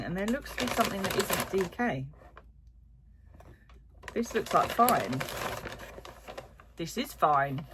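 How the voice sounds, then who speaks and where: A middle-aged woman rambles cheerfully through a yarn haul for her crochet channel, full of ums and side comments. Her voice sits a little low for a woman. A faint hiss runs under the recording. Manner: chatty, lots of ums and asides. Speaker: crochet vlogger. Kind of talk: casual chat while unboxing.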